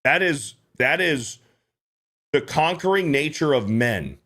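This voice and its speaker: A man's voice: on the high side, lively intonation, slow pace, a bit bright. A man hosting a livestream, reacting to clips in casual, profane commentary and often repeating himself. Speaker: livestream host.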